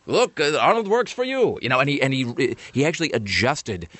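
A man's voice: medium pitch, fairly quick, no room sound. A man hosting a radio talk show, chatting casually and rambling through stories with many restarts. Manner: rambling, self-interrupting, animated storytelling.

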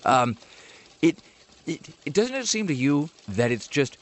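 A man hosting a radio show in casual banter, rambling with lots of fillers and restarts, slipping into animated impressions. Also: fairly high pitch, a little slow. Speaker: radio host.

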